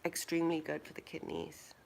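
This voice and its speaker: A woman hosting a live stream in a relaxed, casual way, recommending foods and telling stories. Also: sits low, fairly quick, creaky.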